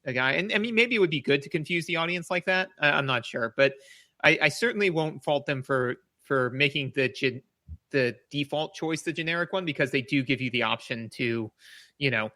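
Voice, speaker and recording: A man's voice: on the high side, fairly quick, pushed and bright, no room sound, studio quality. A man co-hosting a podcast in casual chat, rambling and searching for words with many repeats. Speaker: podcast co-host.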